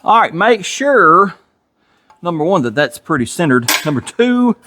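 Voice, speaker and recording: A man's voice: sits high, big pitch swings, a little slow, background noise. A man with a Southern US accent, hosting a casual garage vlog in a folksy, chuckling, self-deprecating way. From Tennessee, USA. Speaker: garage channel host. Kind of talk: casual workshop vlog talk. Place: home garage workshop.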